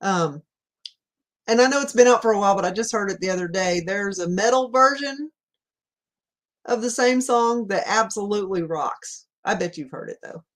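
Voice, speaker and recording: A woman's voice: medium pitch, moderate pace. A woman with a Southern US accent hosting a casual livestream, chatting in a rambling way, laughing often and reading viewer comments aloud. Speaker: livestream host. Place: home room at night.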